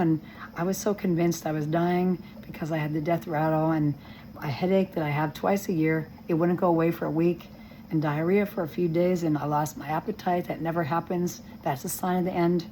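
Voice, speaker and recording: A woman speaks from a hospital room in a lowish, weak and strained voice, halting and restarting as she talks. Her voice breaks with emotion from time to time. A faint hiss sits under the recording. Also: dark tone, poor audio. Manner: earnest, rambling and halting, with many restarts. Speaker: vlogger giving a health update. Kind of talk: personal video update.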